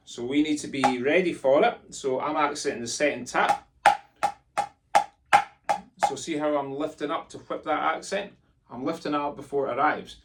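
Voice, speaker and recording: Gravelly drum teacher, distant. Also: male voice, a little high. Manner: encouraging, jokey, chants sticking patterns aloud. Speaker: drumming teacher. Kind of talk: instructional lesson, counting in and calling rudiments. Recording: distant mic with loud drumming behind.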